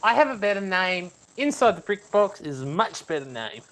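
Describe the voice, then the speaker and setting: Australian man hosting, halting and chatty. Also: sits high, sing-song, fairly bright tone, low-quality recording. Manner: hesitant, many fillers and restarts. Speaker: host. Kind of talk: casual chat. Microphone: video call.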